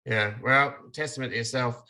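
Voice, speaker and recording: A man's voice: mid-range voice, steady tone, moderate pace, pushed and bright. A man hosting an umpires' online meeting, hesitant with many fillers and encouraging. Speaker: umpires' coach running the meeting. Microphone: video call.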